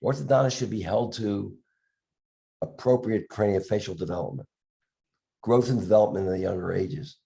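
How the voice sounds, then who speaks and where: An older man, a dentist with a cough from a respiratory illness, telling stories in a podcast chat, acting out the voices in his anecdotes with halting restarts. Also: on the low side, gravelly, dark tone. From Philadelphia area, USA. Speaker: dentist guest.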